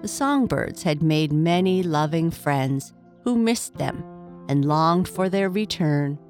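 A woman reading a children's bedtime story aloud in a gentle, measured way. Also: low-pitched, lively intonation. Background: faint music.

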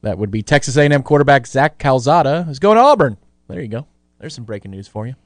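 A man co-hosting a sports radio show and trading quick, joking banter. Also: mid-range voice, animated, no echo. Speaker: radio co-host and producer. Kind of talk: casual sports radio talk.

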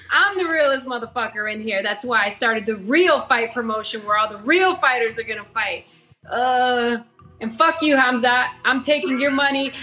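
A woman's voice: sits high, pushed and bright. A woman playing a brash, trash-talking male fighter cutting a profane post-fight promo. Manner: profane, defiant, swaggering. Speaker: show regular doing an improv promo.

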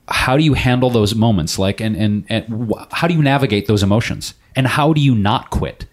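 A man's voice: mid-range voice, normal speed. Male interviewer, casual and blunt, swears freely, runs questions together. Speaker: podcast host.

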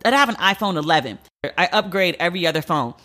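A woman's voice: lowish voice, expressive, fast talker, bright, forceful tone. A young woman hosting a podcast, ranting in a blunt, profane, casual way with mock disbelief. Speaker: podcast host. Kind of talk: casual comedic rant.

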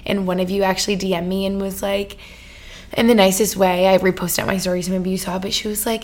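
A woman's voice: mid-range voice, little pitch movement, quick pace. A young woman in her twenties hosting a casual solo podcast, chatty and gushing, with lots of fillers. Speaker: podcast host.

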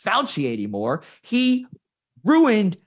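A man guesting on a talk show, speaking in casual opinion chat, animated, laughing often and tripping over repeated words when fired up. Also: high voice, slow pace.

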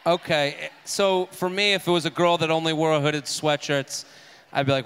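A man's voice: a little high, fairly even intonation, normal speed, fairly bright tone, slight background noise. A man hosting a live comedy show, joking and swearing as he banters with the crowd. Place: live venue with audience.

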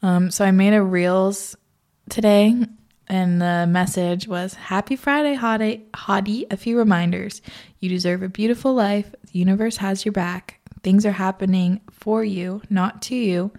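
A woman's voice: mid-range voice, steady tone, a little slow, mellow. A young woman hosting a podcast, chatting casually on her own, swearing freely and laughing often. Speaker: podcast host. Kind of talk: casual solo chat.

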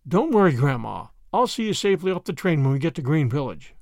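A quiet, courteous stranger in a storybook who speaks calmly, voiced by a man narrating. His tone stays gentle and unhurried, recorded close and dry. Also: a little high, no room sound. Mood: reassuring. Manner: quiet, calm.

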